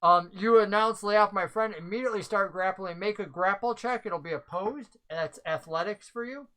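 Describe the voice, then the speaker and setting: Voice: mid-range voice, moderate pace, bright, forceful tone, poor audio. A game master who narrates a tabletop game and explains the rules at length, thinking aloud.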